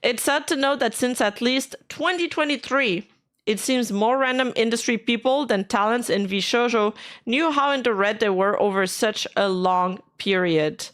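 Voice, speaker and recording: A woman's voice: fairly high pitch, normal speed, a bit bright. A woman streamer giving casual commentary while reading out posts, skeptical and frustrated, speaking bluntly and swearing now and then.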